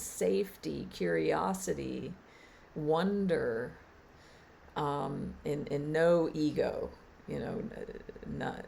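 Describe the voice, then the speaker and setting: A woman teacher giving a reflective spiritual talk on a live stream, halting and trailing off with fillers. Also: low voice, vocal fry, a little mellow, a little hiss or hum. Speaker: meditation and Reiki teacher.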